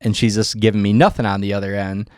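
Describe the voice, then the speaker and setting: A podcast host telling a profane, animated story and acting out the other people's lines. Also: male voice, lowish voice, quick pace, clean tone, no echo, clean studio sound. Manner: profane, animated storyteller who acts out quotes. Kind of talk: casual storytelling chat.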